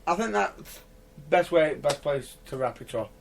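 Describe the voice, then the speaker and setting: Teasing podcast host. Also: male voice, fairly high pitch, expressive, unhurried, creaky, far from the mic, a little hiss or hum. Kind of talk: casual chat.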